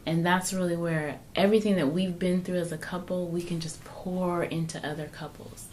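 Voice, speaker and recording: A woman co-hosting a faith-based marriage talk with her husband, speaking in a measured, preaching cadence. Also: on the low side, steady tone, a little mellow, a little hiss or hum, rough recording. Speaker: co-host, wife.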